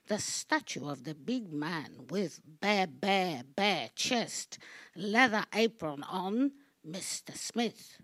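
A woman giving a rambling, free-associating spoken performance, repeating words and phrases, halting and restarting, with sudden loud bursts. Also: on the low side, animated, no room sound.

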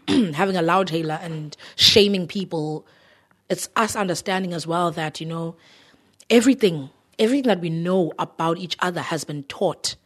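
Female stage actress, low voice, measured and reflective, earnest interview answers.

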